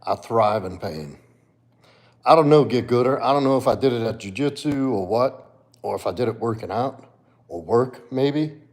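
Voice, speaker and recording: A man's voice: medium pitch, expressive, moderate pace, darkish tone. A man hosting a casual livestream, answering viewers in the chat and talking to his dog. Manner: laid-back, talks to his dog and viewers. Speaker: livestream host and fitness coach.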